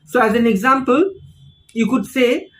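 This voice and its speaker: A teacher, explaining phrases slowly and deliberately in an online lesson, repeating each example. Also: medium pitch, rough recording. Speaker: English teacher.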